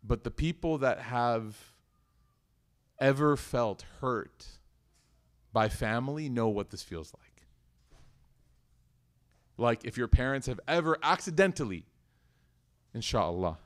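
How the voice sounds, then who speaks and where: A man's voice: medium pitch, animated, a little slow, pauses often. Earnest male Islamic lecturer. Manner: earnest, emotional, acts out quotes, recites Arabic verses. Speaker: Islamic teacher. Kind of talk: religious lecture with storytelling.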